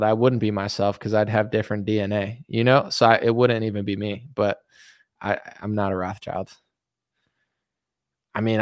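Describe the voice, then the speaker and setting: A man's voice: fairly low pitch, clean tone, dry recording, clean studio sound. A man hosting a casual livestream, reading out chat and making sarcastic, joking asides.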